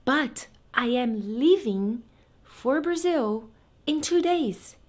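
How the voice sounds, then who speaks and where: A woman's voice: high-pitched, lively intonation, slow pace, a little mellow. Woman vlogger, chatty and rambling, casual to-camera delivery, a few fillers. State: out of breath. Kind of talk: casual vlog talk to camera.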